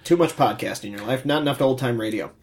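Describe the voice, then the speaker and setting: A man in casual podcast banter, trading dry one-liners. His voice is mid-range and unremarkable. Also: mid-range voice. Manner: dry, quick wisecracks. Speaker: podcast co-host. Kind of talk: casual chat.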